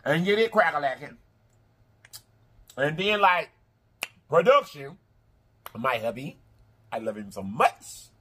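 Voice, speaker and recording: A woman hosting an eating channel, chatty and effusive, talking casually to her viewers and repeating herself warmly. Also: sits low, big pitch swings, slow pace, pauses often, a little hiss or hum. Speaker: mukbang channel host.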